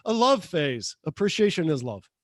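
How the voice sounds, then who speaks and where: Animated man in his fifties, higher voice. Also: moderate pace, no room sound, clean studio sound. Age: 50s. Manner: animated, chatty, laughs easily. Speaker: podcast co-host. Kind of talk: casual conversation.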